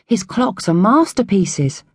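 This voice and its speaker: A woman reading an audiobook, voicing a gentle young orphan boy who talks in an earnest, confiding way. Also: medium pitch, very animated, takes it slowly, husky, dry recording, clean studio sound, exaggerated voice.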